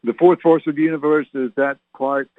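A man's voice: on the high side, fairly even intonation, brisk, dry recording. A man preaching as a reverend, firing rhetorical questions at his listeners and calling them his friends. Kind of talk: radio sermon. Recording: tinny phone-like radio sound, dry.

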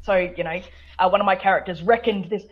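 A woman's voice: mid-range voice, steady tone, quick pace, dull audio. Chatty Australian woman, laughs often. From South Australia. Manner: chatty, laughs often, many restarts and fillers. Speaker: guest author. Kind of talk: radio interview.

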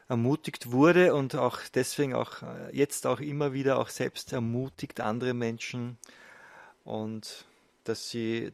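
Gravelly guy summarizing what a guest said, hesitant, dry close sound. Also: mid-range voice, dry recording. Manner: hesitant, many fillers and restarts.

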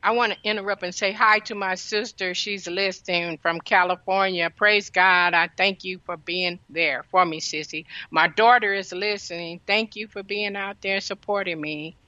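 Fervent woman preacher, bright voice. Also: medium pitch, steady tone, moderate pace, hardly any pauses, no room sound, highs cut off. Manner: fervent, calls out "Amen" often. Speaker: prophetess, host of a faith program. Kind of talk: sermon-style preaching.

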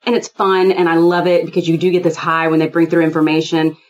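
A woman guest in a casual spiritual chat, rambling and animated, often acting out quoted dialogue. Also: sits low, fast, highs cut off.

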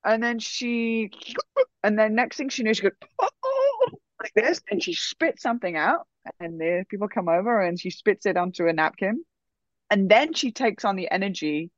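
A woman telling a personal story in a casual, animated way, full of fillers. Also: on the low side, no echo. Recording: dull, dry sound.

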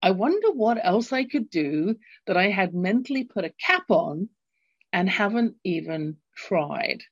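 A woman's voice: medium pitch, big pitch swings, measured pace, breathy edge, no room sound. A woman in her fifties talking earnestly in a conversational interview, telling inspirational stories. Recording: dull lo-fi sound.

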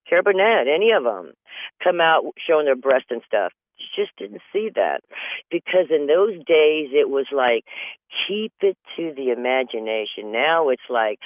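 A woman's voice: low-pitched, no echo. A woman hosting a radio comedy show, telling funny stories in a chatty way, laughing often and calling people honey. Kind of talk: comedic storytelling monologue. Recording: tinny phone-like dry line.

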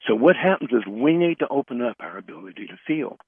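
A man, a guest on a radio interview, telling stories in an earnest, halting way that circles back on its phrases. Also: medium pitch, very animated, slightly rough, no room sound. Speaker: radio show guest, flower remedy practitioner. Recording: tinny phone line, dry.

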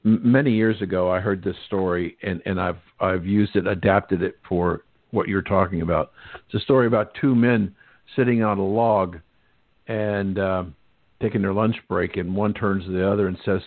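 A male radio talk show host interviewing a guest, measured and polite, setting up questions with anecdotes. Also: sits low, fairly even intonation, no room sound. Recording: phone-like narrow band, dry.

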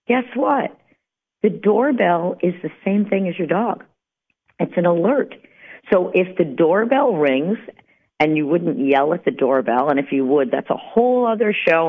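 Woman radio host, dog-training advice, conversational and wry, tinny phone-line sound. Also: on the low side. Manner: lively, conversational, lightly joking. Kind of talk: radio talk show monologue.

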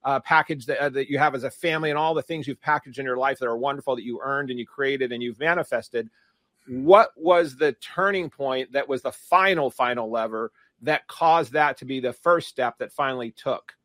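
A man hosting a podcast, asking long, halting questions with fillers. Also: mid-range voice, a bit bright, no echo, studio quality. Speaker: podcast host. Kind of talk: casual interview.

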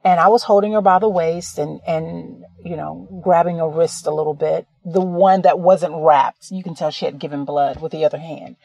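A woman's voice: low voice, steady tone, normal speed, vocal fry, few pauses, warm tone, dry recording. A woman host telling a personal story in a casual, rambling way, often correcting herself mid-sentence. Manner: rambling, conversational, self-correcting. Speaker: podcast host.

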